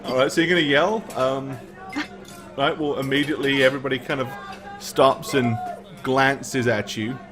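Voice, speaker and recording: A man narrating a tabletop game as game master, lively, with frequent fillers. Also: mid-range voice, normal speed, over music.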